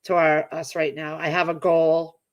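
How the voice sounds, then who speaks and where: A woman's voice: deep voice, flat delivery, moderate pace, muffled recording. A middle-aged woman chatting casually on a livestream, reading out viewer comments and gushing over them. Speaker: livestream host.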